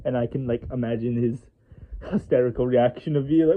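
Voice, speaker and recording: A man's voice: medium pitch, fairly quick. A man rambling casually about the fictional world he made, with lots of restarts and an amused tone. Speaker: creator explaining his fictional world. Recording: thin phone-like audio.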